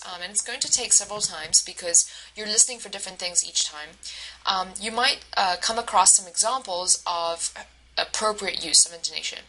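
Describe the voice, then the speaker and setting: Woman teacher, recorded lecture, bright clear tone, hesitant fillers, step-by-step. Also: medium pitch, poor audio. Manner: hesitant, many ums and uhs; explains step by step. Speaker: instructor.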